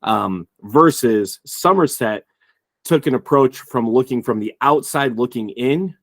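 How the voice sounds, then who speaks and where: A man co-hosting a film podcast, thinking aloud in a halting, casual way with frequent restarts. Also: mid-range voice, a bit bright, no echo, clean studio sound. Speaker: podcast co-host.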